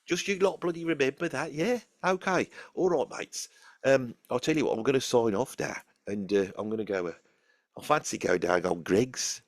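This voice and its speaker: A rambling old rock fan from Birmingham, as a man puts him on, with a thick Birmingham accent and a gravelly rasp in his middle-pitched voice. He swears mildly, trips over repeated words and keeps turning to his listeners with chummy asides. The recording is close and dry. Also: moderate pace, no room sound, close to an everyday voice. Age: older. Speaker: channel host in character. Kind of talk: comic character monologue.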